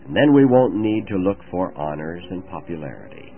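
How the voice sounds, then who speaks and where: Man, devotional radio host, very deep voice, lively intonation, earnest storytelling, phone-like old radio sound, faint music. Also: normal speed.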